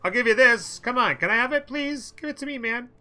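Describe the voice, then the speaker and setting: A pushy, whiny game rival ruler, played by a man, wheedles and pleads in a high, strained voice well above his usual tone. The begging is bright and insistent, with a sharp, forceful edge. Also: fairly quick, full character voice. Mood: wheedling.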